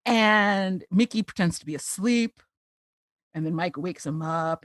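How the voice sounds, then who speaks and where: A woman's voice: fairly low pitch, unhurried, dry recording. Giggly woman podcast host. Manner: giggly, animated storyteller. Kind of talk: casual chat recapping a cartoon.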